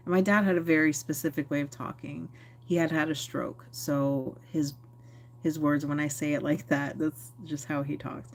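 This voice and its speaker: A woman's voice: low-pitched, little pitch movement, normal speed. A woman chatting candidly and rambling on a phone livestream, answering viewer comments. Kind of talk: casual live-stream chat.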